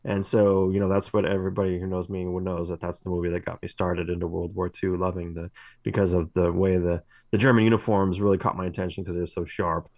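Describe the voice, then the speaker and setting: A man's voice: low-pitched, flat delivery, fast, darkish tone, no echo. A middle-aged man co-hosting a podcast, telling long rambling stories with many fillers and restarts. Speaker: podcast co-host. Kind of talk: casual podcast chat.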